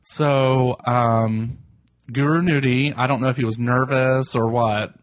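Brief: male podcast co-host, mid pitch, gossipy, laughs a lot, casual banter. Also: fairly even intonation, slow pace. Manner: chatty, gossipy, laughs often. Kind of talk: casual chat.

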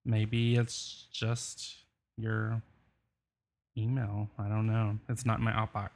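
A man's voice: on the low side, flat delivery, slow. Flustered male co-host. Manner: flustered, fumbling, exasperated asides. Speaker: co-host of a live show. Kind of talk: casual banter.

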